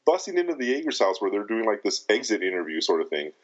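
Lively man on a slightly dull line. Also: fairly low pitch, fast. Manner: laughs often, retells scenes with lively impressions. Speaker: podcast co-host. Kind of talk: casual film chat.

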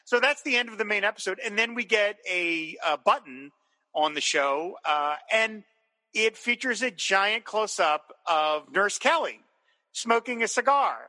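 A man's voice: high voice, expressive, unhurried, sharp tone, big-room sound. A man co-hosting a podcast, chatting casually and enthusiastically about a TV episode, with rambling restarts. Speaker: podcast co-host. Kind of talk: casual chat recapping a TV episode.

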